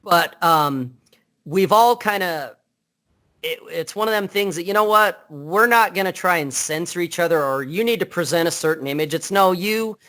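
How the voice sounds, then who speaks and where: Blunt, unfiltered man talking, fairly high voice. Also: moderate pace, sharp tone. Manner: blunt, unfiltered, rambling with restarts. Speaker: podcast guest. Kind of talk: casual interview chat. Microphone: Skype call.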